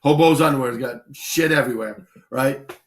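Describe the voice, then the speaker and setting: A shooting instructor hosts a casual livestream, telling stories bluntly and swearing freely. He speaks at medium pitch and a normal pace, with slight background noise.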